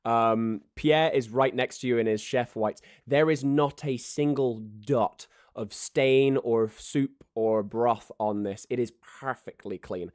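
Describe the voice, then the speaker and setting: A man's voice: medium pitch, slow, hardly any pauses, smooth, no echo, clean studio sound. Man running a tabletop game. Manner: animated, yelling in character voices. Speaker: game master.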